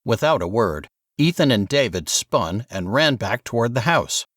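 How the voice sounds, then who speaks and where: A man narrating a novel in first person, in a measured storytelling manner on a close studio mic. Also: mid-range voice, sing-song, no echo. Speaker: audiobook narrator.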